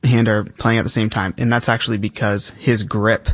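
A teenage male percussionist answering interview questions in a relaxed, thoughtful way, with frequent fillers. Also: lowish voice, moderate pace, dry recording. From South Carolina, US. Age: teens. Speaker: young percussionist guest.

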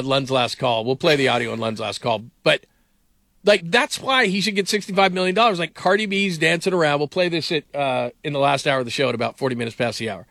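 A man's voice: on the high side, creaky, pushed and bright, no room sound, clean studio sound. A middle-aged man hosting a sports talk radio show, rambling through stories with lots of fillers. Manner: rambling storyteller, heavy on fillers.

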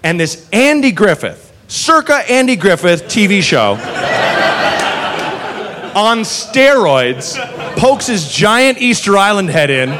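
Animated man telling stand-up stories. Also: high-pitched, slow, background noise. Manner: animated, swearing, laughing asides. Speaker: stand-up comedian. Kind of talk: stand-up storytelling.

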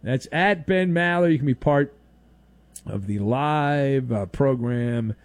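With a medium-pitched voice and an unhurried delivery, a man hosting a sports talk radio show mocks others in exaggerated silly voices. His opinionated monologue is a sarcastic rant, recorded with no room sound.

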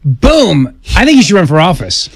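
A man's voice: high-pitched, wildly swooping pitch, moderate pace, slightly rough, dry recording. A man hosting a political talk radio show, enthusiastic and emphatic, breaking in often.

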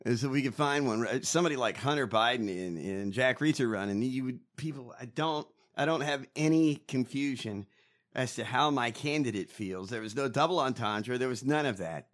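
A man's voice: medium pitch, normal speed. A man hosting a casual chat, brash, profane and mocking. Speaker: podcast host.

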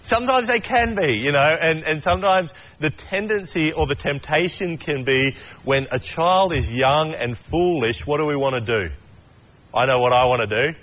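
A man's voice: on the high side, moderate pace, fairly bright tone. A man giving a casual sermon, chatty and joking, acting out quotes and often restarting his sentences. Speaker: preacher.

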